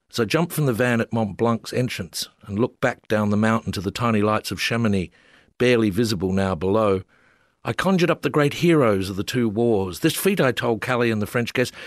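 A man's voice: medium pitch, no room sound, studio quality. An Australian man with a wry, self-mocking storytelling manner, reading his own humorous travel memoir. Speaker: memoir narrator.

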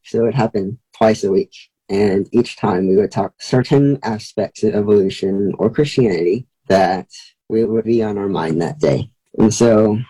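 Husky-voiced teenage boy, casual talk. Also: on the low side, dark tone, poor audio. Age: teens. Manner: quick, casual, many likes. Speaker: guest. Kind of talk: interview.

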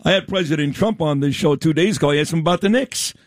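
A man's voice: fairly high pitch, fast, no room sound, clean studio sound. A middle-aged man hosting an interview show, talking emphatically and telling stories with lots of energy. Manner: emphatic and animated, storytelling. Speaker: talk show host. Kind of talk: conversational interview.

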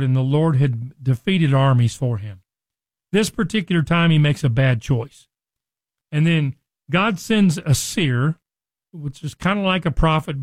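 A man's voice: fairly high pitch, no room sound. A man teaching a sermon on a Christian radio show, earnest and conversational, now and then acting out the people in the story. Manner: earnest, acts out quoted speech with rising emphasis.

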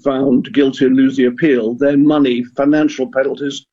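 Older male radio guest, earnest and hesitant, dark husky tone, slightly muffled line. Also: medium pitch, level tone, moderate pace. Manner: hesitant, repeats words, earnest. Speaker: guest, former football club chairman. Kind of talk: radio discussion.

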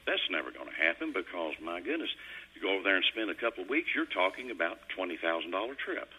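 A man's voice: deep voice, sing-song, quick pace, pushed and bright, slightly rough, poor audio. A middle-aged man, hosting a radio show in a folksy, rambling storytelling way. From Kentucky. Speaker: radio host. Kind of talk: casual on-air chat. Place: radio studio.

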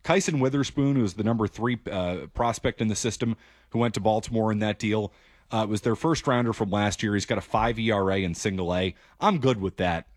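A man hosting a call-in sports show speaks in a fairly low voice. He is brisk and opinionated. The studio sound is dry and close. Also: no room sound. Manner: opinionated, brisk, takes calls. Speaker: sports radio host. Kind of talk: call-in sports radio talk.

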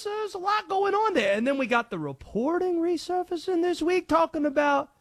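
Here a man puts on a rambling, suspicious sports fan with a thick Cajun accent. His voice jumps high and swoops around, loud and excitable. It is a comic bit on a sports radio show. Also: no room sound, studio quality, exaggerated voice. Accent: put-on Cajun. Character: excitable male conspiracy-minded football fan.

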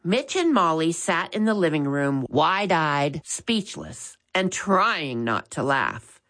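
Slow, expressive woman reading a story. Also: low voice. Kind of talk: reading a children's chapter book aloud.

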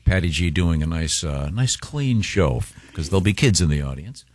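Male radio host, low voice, dry close mic, halting banter. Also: expressive, a little mellow, no echo. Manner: halting, restarts sentences. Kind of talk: casual morning-show banter.

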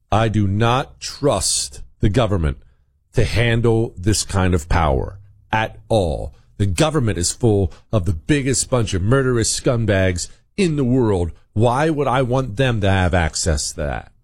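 Male talk radio host, lively swinging pitch, dry close studio sound, combative. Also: dry recording. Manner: combative, emphatic, sarcastic. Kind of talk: political talk radio monologue.

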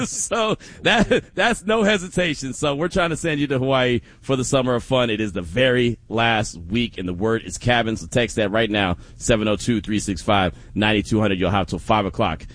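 A man hosting a sports talk radio show, telling stories with lots of laughter and animated energy. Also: mid-range voice, normal speed, hardly any pauses.

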